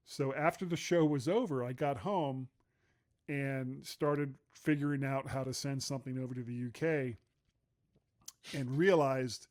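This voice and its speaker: A man co-hosting a casual tech podcast, chatty and quick to laugh, telling stories and reading show notes aloud. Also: medium pitch, a little mellow. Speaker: podcast co-host.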